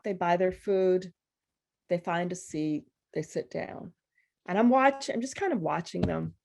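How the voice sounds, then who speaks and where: Woman guest poet, gravelly voice, animated storyteller who acts out others' voices. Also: lowish voice. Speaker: guest poet at a university reading. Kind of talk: conversational storytelling.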